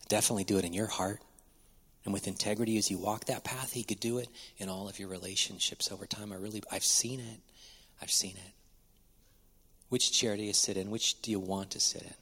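A man's voice: on the low side, a little fast, fairly bright tone, breathy edge, big-room sound. A man pastor preaching a sermon and closing in prayer, repeating rhetorical questions and chuckling between points. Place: church.

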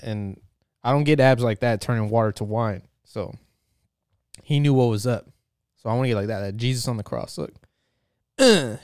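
A man with a smooth, clear voice riffs casually to camera, swearing freely and padding his lines with "like" and "uh". His joking, loose delivery sounds close and dry, with no room echo. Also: on the low side, a little mellow. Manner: profane, joking, full of fillers. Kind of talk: casual rambling monologue.

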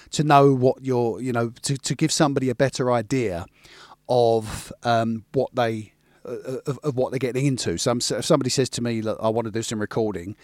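A middle-aged man chats his way through some advice, rambling and stopping to restart his sentences. His voice sits at an ordinary pitch, and the recording is close and dry, with no room sound. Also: a little mellow, no room sound. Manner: rambling, self-interrupting, chatty. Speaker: host giving music advice. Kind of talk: casual advice talk.

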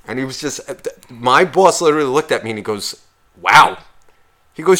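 A man's voice: mid-range voice, a little fast. A man co-hosting a podcast, telling profane bar stories in casual chat and mocking people with put-on voices. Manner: profane, animated storytelling with mocking impressions. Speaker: podcast co-host, former bartender.

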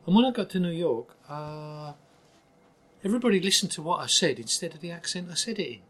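Older Cockney man, interview guest; husky, blunt, emphatic, restarts a lot. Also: fairly high pitch, animated, fairly quick. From East London, England. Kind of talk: candid interview talk.

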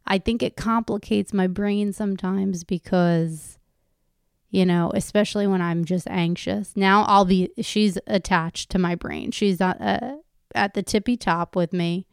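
A woman speaks slowly and candidly to her viewers, drifting from one tangent to the next with casual swearing. Her voice has a gravelly fry under a smooth, resonant tone. The sound is dry and close, with no room around it. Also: medium pitch, steady tone, dry recording. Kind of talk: casual personal monologue.

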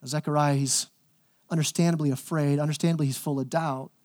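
A man preaching a sermon as pastor, conversational and humorous, often adding quick asides to the congregation. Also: on the high side, steady tone, darkish tone.

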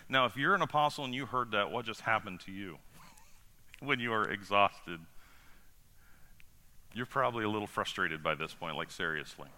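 Low-voiced man preaching with a sharp edge. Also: normal speed. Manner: casual and animated, asks the congregation rhetorical questions, acts out quotes. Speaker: pastor. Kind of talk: conversational sermon.

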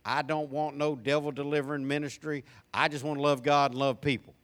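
Male pastor, high-pitched preaching voice, emphatic and repetitive. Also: little pitch movement, brisk, fairly bright tone. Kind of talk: sermon.

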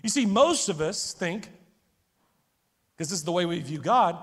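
A man delivers a sermon with dramatic storytelling, often turning to ask his listeners questions. His voice sits high. The hall around him adds a long echo. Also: expressive, unhurried, pauses often, fairly bright tone. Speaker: preacher.

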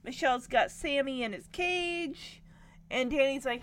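A woman casually recapping a sitcom episode, animated and acting out the characters' lines. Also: high-pitched, moderate pace. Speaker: recap vlogger.

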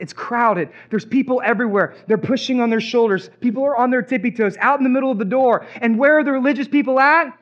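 A man's voice: very high-pitched, dull audio. A man preaching a sermon as pastor, emphatic, with rhetorical questions, repeated phrases and playful asides.

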